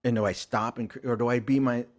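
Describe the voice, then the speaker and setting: A man's voice: medium pitch, fast talker. A man in his forties talking with a friend in casual chat, rambling and correcting himself as he goes. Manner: rambling, self-correcting, animated.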